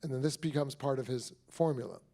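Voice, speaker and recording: Middle-aged male director, mid-pitched and mellow, effusive and rambling Q&A answers. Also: fairly quick, gravelly. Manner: rambling, warm and effusive, many restarts. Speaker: film director, guest. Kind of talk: Q&A talk after a screening.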